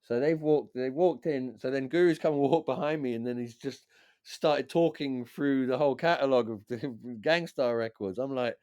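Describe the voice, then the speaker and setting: A man, a DJ and beat maker who is a guest on a podcast, telling stories in a lively, swearing, casual way and acting out what others said. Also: medium pitch, moderate pace, clear, resonant tone, dry recording, studio quality. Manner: animated, swears freely, acts out quotes. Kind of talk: casual storytelling chat.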